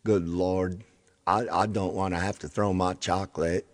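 A deep, low-pitched middle-aged man hosts a casual livestream. He chats along with viewers, trips over his words and restarts often, and wags a mock-stern finger at anyone who yells out requests. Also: fairly even intonation, moderate pace. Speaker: livestream host and singer.

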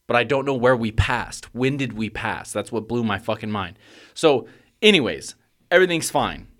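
A young man co-hosting a podcast, casually telling a story, swearing freely and getting loud and worked up as he relives a panic. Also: medium pitch, animated, normal speed. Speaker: podcast co-host.

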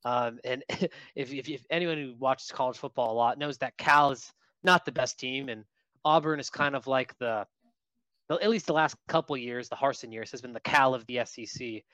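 A man co-hosting a casual sports podcast, telling lively stories about what he saw at a game. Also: medium pitch, normal speed, dry recording, dull audio. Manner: lively anecdotal storyteller. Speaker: podcast co-host.

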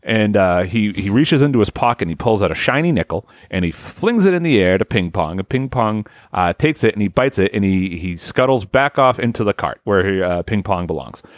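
A man's voice: lowish voice, a little fast, hardly any pauses, no room sound, studio quality. A young man hosting a comedy podcast, telling a rambling improvised story in a casual, joking way. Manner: rambling, lively, with frequent filler and restarts. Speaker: podcast host.

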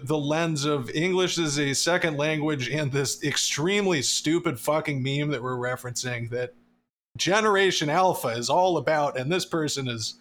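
A man's voice: a little high, a bit bright, slight background noise. A man hosting a podcast in casual chat, joking, laughing and swearing loosely. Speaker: podcast host.

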